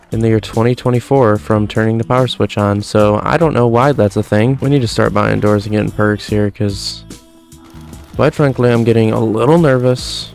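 A man's voice: medium pitch, darkish tone. A man in his twenties giving casual, jokey gameplay commentary, tossing in "folks" and "quite frankly" as he rambles. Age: 20s. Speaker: gaming commentator.

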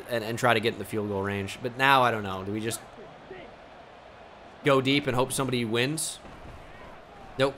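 A young gaming YouTuber narrates his own play, flipping between mock play-by-play and frustrated outbursts. His mid-range voice sounds pushed and bright, with slight background noise.

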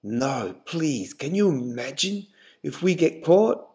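A man's voice: on the high side, very animated, takes it slowly, darkish tone, full character voice. A man voicing a nervous young woman who keeps refusing her boyfriend in a told joke. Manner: anxious, refusing.

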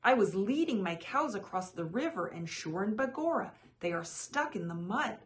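A woman's voice: mid-range voice, expressive, normal speed, a little hiss or hum, natural voice. A woman reading a storybook aloud, voicing a small, courteous male stranger who pleads for help. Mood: pleading.

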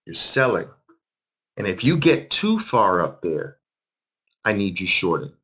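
A man's voice: low-pitched, very animated, a little slow, fairly bright tone, breathy edge. A man in his fifties teaching a live trading class, emphatic, repeating phrases and quizzing his audience. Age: 50s. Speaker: trading instructor.

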